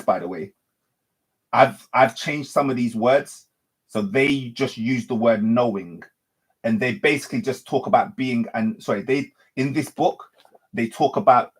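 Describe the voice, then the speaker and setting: Husky and medium in pitch, this male teacher delivers a spontaneous spiritual monologue. He tends to repeat and rephrase himself in circles, often correcting what he's just said.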